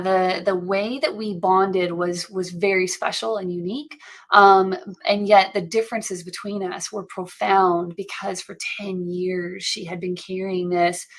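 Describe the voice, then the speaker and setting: Earnest woman telling her story. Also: mid-range voice. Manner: earnest and reflective, with halting restarts. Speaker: guest, founder of a mental health program. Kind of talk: personal storytelling in an interview.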